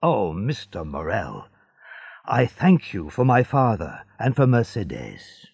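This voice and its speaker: A man voicing a polite, eager young seaman in a slow storybook reading. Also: on the low side, sing-song, vocal fry, darkish tone, breathy edge, dry recording, exaggerated voice. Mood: earnest.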